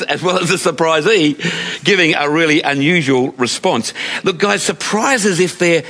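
An older Australian man gives a chatty, storytelling sermon in a high, ringing voice. He talks with a bright, forceful edge and often turns to ask his listeners questions. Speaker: preacher.

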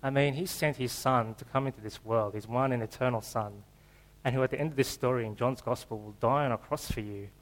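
A man's voice: mid-range voice, a little fast, rough recording. A man preaching a sermon in a church, in a casual, joking, conversational way. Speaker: pastor.

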